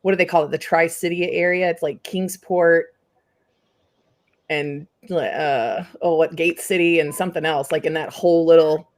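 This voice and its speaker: A woman's voice: low voice, fairly even intonation, moderate pace. A woman from central Indiana hosting a casual chat, rambling and giggly, with plenty of filler words. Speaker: host.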